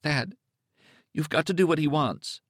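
A man's voice: mid-range voice, very animated, slow pace, no room sound, voice pushed up. A man voicing a frightened young mother who sounds harried and close to tears, pleading in a trembling voice.

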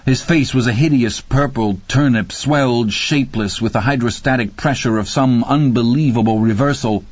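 A man with a fairly low voice reads horror fiction in a measured, grim and deliberate manner. The recording is close and dead-dry, with a slightly dull, muffled top end. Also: darkish tone, no echo. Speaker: audiobook narrator. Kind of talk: horror audiobook narration.

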